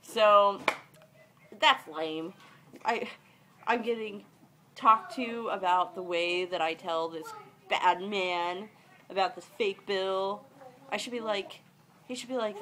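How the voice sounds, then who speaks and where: Young woman vlogger, casual storyteller, dramatic retellings, average pitch, faint hiss on the recording. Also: takes it slowly, pauses often, pushed and bright. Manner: chatty, dramatic retelling with quoted voices.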